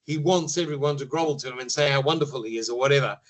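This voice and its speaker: A man speaking as a media-trainer guest in a podcast interview, explaining in a measured way and often pausing to rephrase. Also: medium pitch, low-quality recording.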